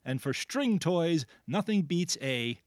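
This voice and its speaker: A man's voice: on the high side, slow, no room sound, studio quality. A man hosting a playful word quiz on a radio show, joking and laughing often. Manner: animated, jokey, laughs often. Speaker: quiz host.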